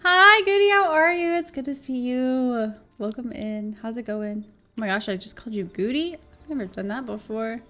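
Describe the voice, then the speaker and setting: A woman's voice: a little high, lively intonation, moderate pace, sharp tone, soft background music. A woman streaming a game live, chatty and giggly, talking to her viewers and swearing now and then. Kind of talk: casual chat while gaming on stream.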